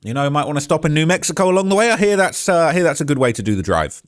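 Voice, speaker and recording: Lively, sarcastic male commentary host. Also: fairly high pitch, fast. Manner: heated, sarcastic ranting; reads out online comments. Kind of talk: true-crime commentary.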